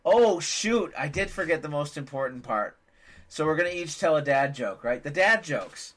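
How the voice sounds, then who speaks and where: A man's voice: on the high side, expressive, moderate pace, fairly bright tone. A man in his forties hosting a casual family podcast, a rambling joke-telling dad who pokes fun at himself. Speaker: podcast host and father.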